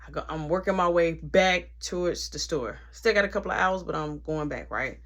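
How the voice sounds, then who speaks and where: A woman with a medium-pitched voice and a moderate pace narrates a personal storytime in heavy casual slang. She's animated and acts out every line of dialogue.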